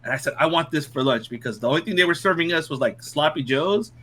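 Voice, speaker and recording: A young man spins a funny tale among friends, his voice lively and leaping up and down in pitch. The tone is bright and forward. He laughs often and swears as he talks. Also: fast talker. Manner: animated, laughing, swears freely. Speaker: podcast co-host. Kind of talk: casual storytelling among friends.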